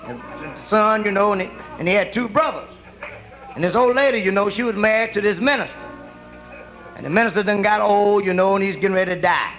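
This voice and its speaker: A man's voice: high-pitched, fairly quick, a bit bright, faint music behind. A man doing live nightclub stand-up, telling raunchy stories with drawling asides like "you dig" and "you see". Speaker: stand-up comedian. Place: nightclub stage.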